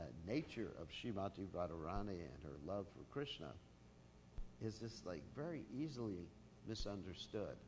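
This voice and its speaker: Deep-voiced man giving a casual scripture lecture. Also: a little mellow, slight background noise. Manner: casual storytelling with frequent fillers. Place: temple hall with a masked audience.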